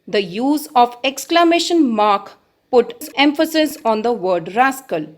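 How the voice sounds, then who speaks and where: A woman teacher with an Indian English accent, explaining grammar slowly to children and stressing the example words. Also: a little high, lively intonation. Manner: addresses children, reads examples with emphasis. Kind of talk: slow classroom explanation.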